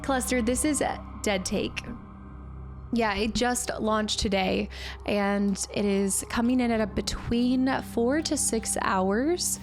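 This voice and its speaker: A woman's voice: on the high side, creaky. Chatty woman streaming a game. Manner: chatty, thanks viewers by name. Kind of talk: casual live gameplay commentary.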